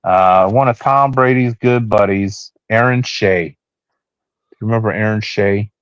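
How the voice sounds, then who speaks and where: A low-voiced man co-hosting a laid-back sports podcast. He rambles, with plenty of "um"s and restarts. The recording is dull and dry, with no room sound. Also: unhurried, clean tone, dry recording. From Cleveland, Ohio area. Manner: rambling, with many fillers and restarts. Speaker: podcast co-host. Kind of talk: casual sports chat.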